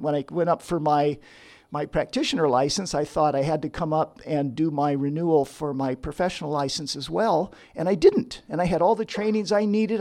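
This middle-aged licensed professional counselor shares a personal testimony, often restarting his sentences and interrupting himself as he acts out quotes. His voice is on the high side and a little mellow.

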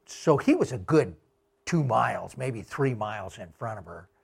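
A middle-aged man giving a talk with slides, telling travel anecdotes slowly with many fillers. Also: mid-range voice, lively intonation, vocal fry, breathy edge. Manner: slow, unhurried anecdotes with fillers. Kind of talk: storytelling talk.

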